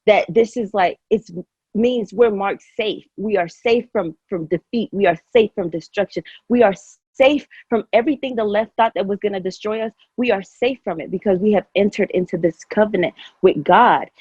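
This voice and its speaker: Woman guest gushing away, kinda husky, dull lo-fi sound. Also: mid-range voice, normal speed, darkish tone, no echo. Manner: emotional, effusive, rambling with many fillers. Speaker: podcast guest. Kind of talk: casual conversation.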